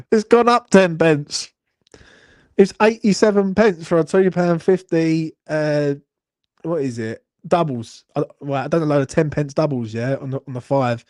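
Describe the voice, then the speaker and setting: A man's voice: fairly high pitch, measured pace, long pauses, a little mellow, dry recording. Young man, watchalong host; rambling, sweary, self-deprecating chat; dry phone mic. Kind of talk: casual live-stream chat.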